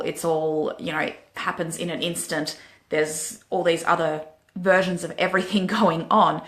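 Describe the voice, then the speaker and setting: A woman with an Australian accent giving frank, lively spiritual relationship advice in a casual vlog, sometimes laughing at herself. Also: lowish voice, roomy sound.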